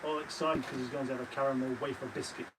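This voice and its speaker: A man's voice: medium pitch, level tone, rapid-fire. A British man bantering and teasing his friends on a casual livestream from a caravan. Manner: teasing, playful. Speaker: livestream co-host. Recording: noisy caravan livestream audio.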